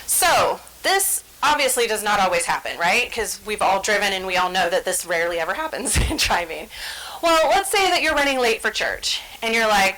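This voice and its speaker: A female trainer gives an educational talk on stress and the brain, explaining ideas conversationally, acting out everyday scenes with quoted inner voices, and checking in with "right?". Her mid-range voice is sing-song, bright, and forceful at a moderate pace, and the recording is rough.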